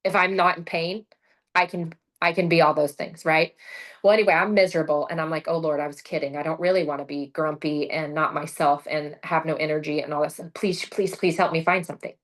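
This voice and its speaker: A middle-aged woman giving a casual motivational talk over a video call. She tells her story with lively energy, acts out her own lines and often says "like" and "right?". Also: sits low, a little fast. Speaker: presenter sharing her sales story.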